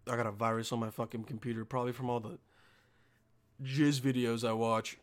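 A man's voice: mid-range voice, expressive, a little fast, sharp tone. A young man who works a motel front desk, telling a rambling, sarcastic work story full of swearing. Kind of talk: casual profane storytelling rant.

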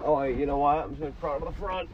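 A young man filming a vlog inside a car, bickering with a friend, cursing freely and breaking into loud yelps. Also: very fast, highs cut off, a little hiss or hum. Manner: swears a lot, erupts into loud yelps and squeaky outbursts. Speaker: vlogger. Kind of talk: casual bickering.

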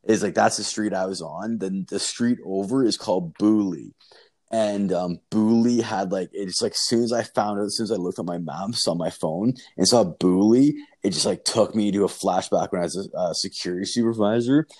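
A man's voice: fairly low pitch, normal speed, darkish tone. A man telling a story in casual chat, rambling and swearing, with lots of filler words.

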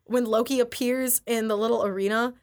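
Young adult woman, casual co-host; slightly high voice, chatty, filler-heavy, animated storyteller. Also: brisk. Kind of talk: casual chat.

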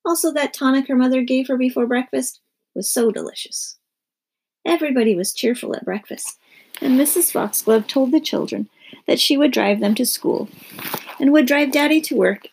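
A woman reads a children's storybook aloud, narrating with expression. Her voice sits a little high and carries a strong gravelly fry with a husky, breathy edge. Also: a little mellow. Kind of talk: reading a children's book aloud.

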